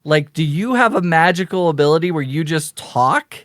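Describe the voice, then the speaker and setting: Chatty game master, lively pitch, dry mic. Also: moderate pace, dry recording. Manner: casual, chatty narration with restarts. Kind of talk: narrating a tabletop game.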